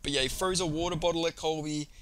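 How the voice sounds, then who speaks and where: Bright, profane casual recap voice of a man. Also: fairly high pitch, fairly even intonation, fast talker, a little hiss or hum, rough recording. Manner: profane, rambling, offhand. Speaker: MMA YouTuber.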